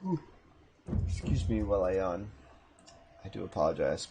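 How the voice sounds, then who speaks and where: A man casting a live strategy game match from home, with a relaxed, chatty manner and casual asides. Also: deep voice, fairly quick, background noise. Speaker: esports caster. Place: home room.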